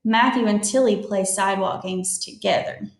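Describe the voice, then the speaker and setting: A woman reading a picture book aloud to children, slowly explaining new words as she goes. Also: medium pitch, echoey room. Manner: slow, explains words to young listeners. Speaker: storytime reader.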